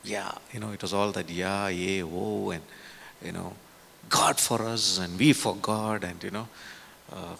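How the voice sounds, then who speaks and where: A man's voice: low voice, a little slow, creaky, a bit bright, slight background noise. A man preaching a sermon in a conversational way, with many fillers and tag questions.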